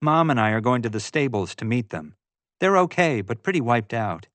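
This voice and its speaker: A man voicing an earnest young woman who talks in a hurried way. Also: mid-range voice, very animated, no room sound, natural voice.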